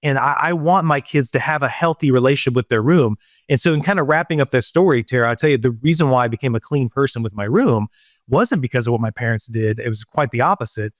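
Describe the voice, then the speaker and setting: A middle-aged man co-hosting a podcast chat, animated and full of restarts as he tells a story. His voice sits at an ordinary middle pitch. The sound is dry and close to the mic. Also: fast talker, no echo. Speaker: podcast co-host. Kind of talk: casual chat.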